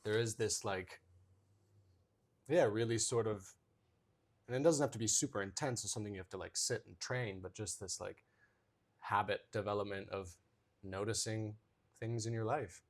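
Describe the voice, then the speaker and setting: A man's voice: fairly low pitch, moderate pace, long pauses. A man co-hosting a casual podcast chat, reflecting on what his co-host said and thinking aloud with hesitant phrasing.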